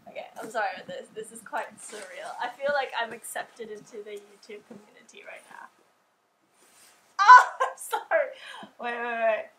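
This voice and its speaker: Excitable high-voiced woman vlogging. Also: low-quality recording. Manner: excitable, gushing, swears casually. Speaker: YouTuber. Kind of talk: casual vlog unboxing. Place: at home indoors.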